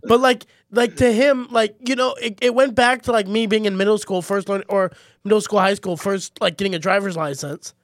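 A young man co-hosting a comedy podcast, rambling and tossing out provocative, deadpan absurd jokes. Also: high voice, a little fast, no echo, clean studio sound. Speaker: podcast co-host. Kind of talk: casual comedy chat.

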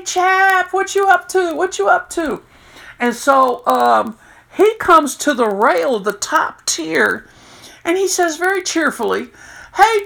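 Very gravelly-voiced woman telling stories. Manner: animated storyteller, jumps high to quote herself and others. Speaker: prison chaplain. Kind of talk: storytelling talk.

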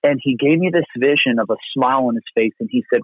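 Husky man on a tinny phone line. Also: mid-range voice, fast, no room sound. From Pennsylvania, USA. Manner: earnest, rambling with many restarts. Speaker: guest evangelist. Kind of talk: telling faith stories.

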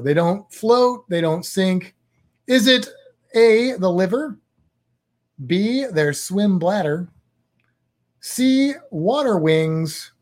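Man hosting a relaxed quiz, playful and joking between questions. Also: sits high. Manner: playful, jokey quizmaster. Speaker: host. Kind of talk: casual quiz chat.

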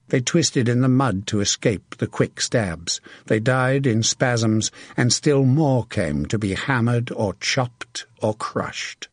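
A man's voice: mid-range voice, dry recording. Dry-voiced male audiobook narrator. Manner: steady, vivid storytelling.

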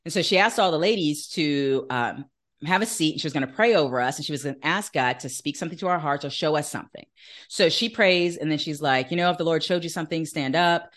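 A woman with a slightly low voice speaks as a guest in a podcast interview. She tells her story earnestly and with animation, acting out the voices she quotes in a conversational flow. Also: lively intonation, brisk, a bit bright.

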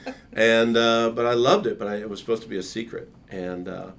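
A man with a deep baritone voice telling a lively anecdote in casual conversation. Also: fairly quick, gravelly, a little hiss or hum. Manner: animated anecdote-telling with laughs and quoted voices. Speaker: guest. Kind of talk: casual storytelling.

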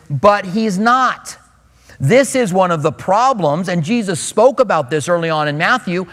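A man with a high voice preaches casually, slipping into the voices of the people he quotes. The sound carries a long reverb from a large hall. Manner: conversational, acts out quoted voices. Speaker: pastor. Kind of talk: expository sermon.

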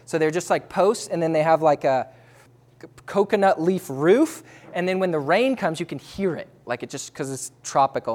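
A man telling a story to an audience in a casual, animated way, full of "like" and quick laughs. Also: on the high side. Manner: casual, lots of "like", laughs between phrases. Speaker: speaker sharing a testimony.

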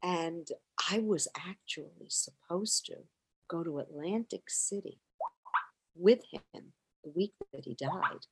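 An older woman, a stage singer, telling lively anecdotes in an interview, acting out quotes and laughing often. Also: lowish voice, slow pace, breathy edge. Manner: animated storyteller, acts out quotes, laughs often.

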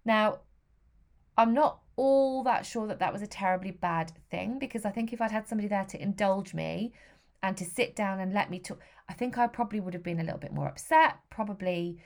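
A woman's voice: mid-range voice, fairly quick, gravelly. A woman in her thirties telling a personal story in a frank, emotional way, with the odd swear word. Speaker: vlogger.

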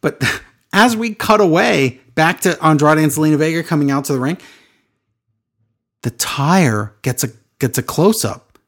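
A man's voice: a little high, moderate pace, a bit bright. A man co-hosting a wrestling podcast, talking in a sarcastic, ranting way and mimicking the people he describes. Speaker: podcast co-host. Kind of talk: casual podcast chat.

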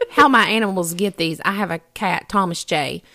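A woman's voice: lowish voice, moderate pace. A woman co-hosting a podcast, telling a story in casual chat with frequent laughter. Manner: animated storyteller, laughs often. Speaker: podcast co-host. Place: rural home.

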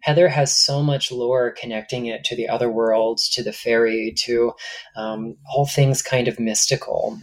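Man explaining calmly as a guest. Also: mid-range voice. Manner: thoughtful, explanatory. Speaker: author and guest. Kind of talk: casual podcast interview.

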